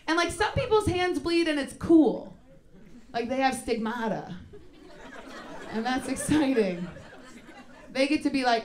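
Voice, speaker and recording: A woman's voice: on the high side, animated, moderate pace, a faint crowd. Sarcastic woman doing stand-up. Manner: sarcastic, self-deprecating, swings to loud bursts. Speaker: stand-up comedian. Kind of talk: stand-up comedy set. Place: comedy club on stage. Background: audience laughter.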